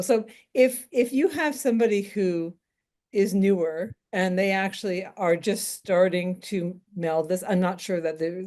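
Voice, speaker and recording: A woman moderating a panel, her voice going hoarse, so she keeps clearing her throat. Her tone is mellow and relaxed. She asks open, conversational questions. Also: mid-range voice. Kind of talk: panel discussion.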